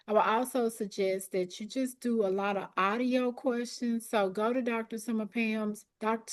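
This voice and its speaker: An academic coach leads a study group preparing for an exam, speaking directly, repetitively, and encouragingly. Her mid-range, slightly mellow voice grows hoarse, and she keeps clearing her throat.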